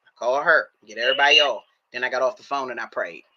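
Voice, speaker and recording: A man's voice: mid-range voice, quick pace, pushed and bright. A man hosting a casual livestream, telling viewers a story and acting out his own thoughts in quoted asides. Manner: talks directly to viewers, calling them y'all. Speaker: livestream host. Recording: dull lo-fi livestream audio.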